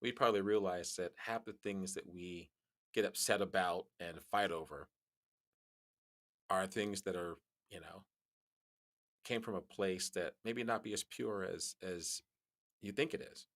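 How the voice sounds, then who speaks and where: A man guest on a podcast, telling stories in casual conversation, animated and laughing as he talks, often restarting his sentences. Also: unhurried, pauses often. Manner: animated storyteller, jumps high in pitch on quoted lines; frequent restarts and laughs while talking.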